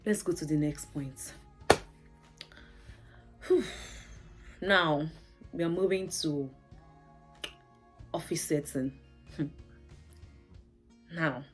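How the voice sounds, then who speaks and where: A woman's voice: low-pitched, steady tone, slow pace, pauses often, faint music behind. A Nigerian woman vlogging in a casual, chatty, storytelling way, laughing often and saying "like" a lot. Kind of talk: casual chat to camera.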